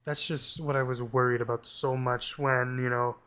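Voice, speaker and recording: A man with a clean, medium-pitched voice speaks at a normal speed as co-host of a movie podcast. He rants casually and animatedly, restarting his sentences often.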